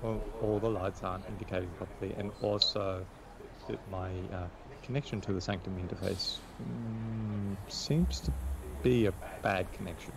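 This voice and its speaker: A man's voice: lowish voice, fairly even intonation, moderate pace, vocal fry, noisy background. A man playing a tabletop game, describing his character's problem plainly and matter-of-factly. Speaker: tabletop player. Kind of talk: in-character role-play.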